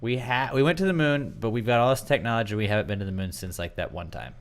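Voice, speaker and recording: A man's voice: fairly low pitch, fast talker. A young man co-hosting a podcast in casual banter, joking and swearing freely. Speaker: podcast co-host.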